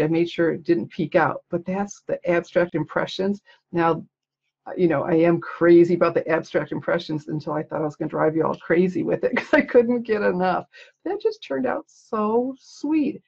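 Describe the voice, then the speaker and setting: A woman's voice: lowish voice, vocal fry, darkish tone, slightly rough, muffled recording. A woman chatting casually on a livestream, showing handmade cards and gushing over them with frequent little laughs. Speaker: stamping demonstrator showing swap cards. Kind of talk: casual livestream show-and-tell.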